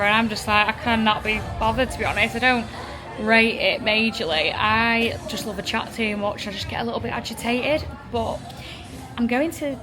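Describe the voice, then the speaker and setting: A young woman from England with an English accent, chatting casually to her phone camera in a travel vlog, gushing and filler-heavy. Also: on the high side. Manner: chatty, gushing, lots of "like" and "oh my God". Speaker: travel vlogger.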